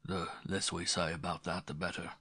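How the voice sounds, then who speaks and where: A man playing a grave, kindly older gentleman speaking to a young man. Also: fairly low pitch, fairly even intonation, moderate pace, husky, dry recording. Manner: grave, fatherly.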